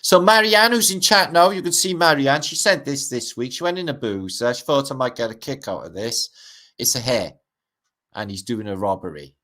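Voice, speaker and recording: With a medium-pitched, animated voice and a sharp tone, a middle-aged Welsh man hosts a livestream at normal speed. He rambles casually while showing pictures, mixing in wry asides and offhand swearing.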